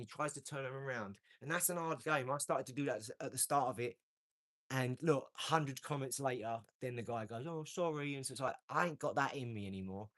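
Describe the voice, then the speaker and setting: A man's voice: mid-range voice, fairly bright tone, no room sound. Emphatic man hosting a live stream. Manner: emphatic, repeats phrases for effect. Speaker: livestream host. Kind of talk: casual motivational livestream chat.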